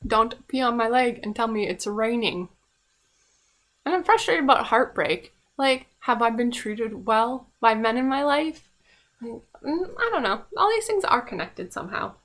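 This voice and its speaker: A young woman from Canada talking in a casual rant to camera, blunt and swearing freely, laughing often and swinging between loud outbursts and quiet musing. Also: a little high, animated, moderate pace. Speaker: vlogger.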